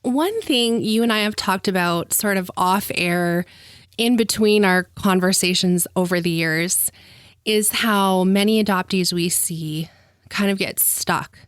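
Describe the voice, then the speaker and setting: A woman's voice: mid-range voice, a little slow, smooth, dry recording. Woman host, gushing, emotional, laughing, dry close sound. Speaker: podcast host. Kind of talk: heartfelt interview.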